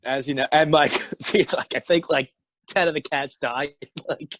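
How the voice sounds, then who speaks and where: A man's voice: fairly high pitch, moderate pace, a bit bright, dry recording. A young man co-hosting a podcast, telling stories in a loose, laughing way and acting out other people's lines. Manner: loose, laughing storytelling with acted-out quotes. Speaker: podcast co-host. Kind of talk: casual chat.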